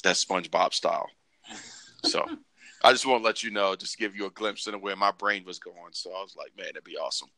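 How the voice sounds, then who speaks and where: A man co-hosting a podcast in casual chat, joking and acting out quoted lines in squeaky voices. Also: a little fast, no room sound. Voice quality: animated, joking, acts out quotes in high voices. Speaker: podcast co-host.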